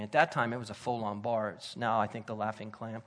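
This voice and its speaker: A man preaching a sermon, telling a personal story in an earnest, conversational way that drops to soft intensity. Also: fairly low pitch, level tone, a little fast.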